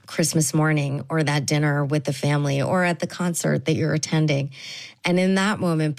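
A middle-aged woman interviewed for a podcast, speaking with an earnest, reflective warmth. Her voice is notably low for a woman, and the recording is close and dry with no room sound. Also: gravelly, no room sound. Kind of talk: interview clip.

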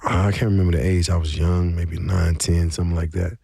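A man's voice: low voice, fairly quick, creaky, husky, no echo, clean studio sound. A middle-aged man, a guest telling stories in a casual interview with easy fillers. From South Georgia. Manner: relaxed storytelling with fillers. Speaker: guest, rapper.

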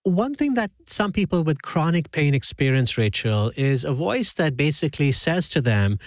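A male interviewer asks calm, measured questions, his pitch moving lively up and down. His voice sounds dry and close to the mic. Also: no echo.

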